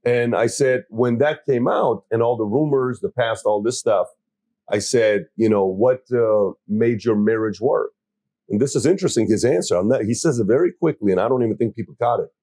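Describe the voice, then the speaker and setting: A male host leads a conversational interview, working through his points in a measured way. His voice is dark and husky. The sound is dry and close. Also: medium pitch, dry recording. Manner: measured, asks probing questions. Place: interview set.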